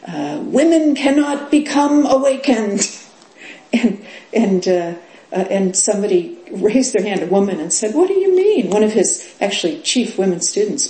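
A middle-aged woman teaching as a Zen teacher in a dharma talk, unhurried, with many fillers and laughs. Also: on the low side, warm tone. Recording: roomy echo.

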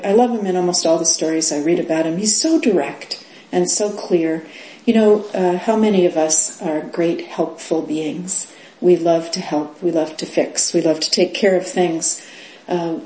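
Woman giving an unhurried Zen talk. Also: on the low side. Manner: unhurried, warm laughter, frequent fillers. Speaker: Zen teacher. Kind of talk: dharma talk. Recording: roomy echo.

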